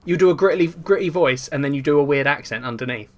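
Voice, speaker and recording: A man's voice: a little high, quick pace. A young man co-hosting a podcast in casual chat, easygoing and questioning. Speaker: podcast co-host and editor.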